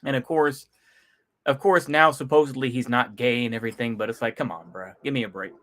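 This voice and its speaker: A man's voice: mid-range voice, fairly even intonation, brisk, a bit bright. A man talking through a video in loose, slangy commentary, with a voice sitting in an ordinary middle register. He rambles with plenty of fillers, sighing and chuckling to himself as he goes. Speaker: YouTube commentator. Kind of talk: casual reaction commentary.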